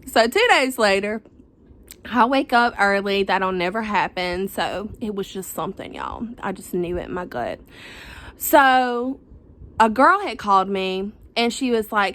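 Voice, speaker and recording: A woman's voice: mid-range voice, expressive, a little slow, fairly bright tone. A young woman, telling a personal story to the camera in a chatty, dramatic, slangy way. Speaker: vlogger.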